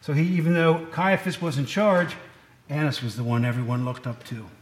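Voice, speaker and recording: A man's voice: on the high side, lively intonation, brisk, roomy sound. A man preaching a conversational sermon, folksy and digressive, often correcting himself mid-sentence, in a church.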